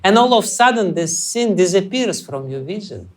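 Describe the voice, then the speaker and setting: A man giving a spiritual lecture on scripture, animated and storytelling, sometimes acting out voices and chanting. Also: high-pitched, normal speed. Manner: animated, acts out scenes and chants. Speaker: spiritual teacher. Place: temple hall.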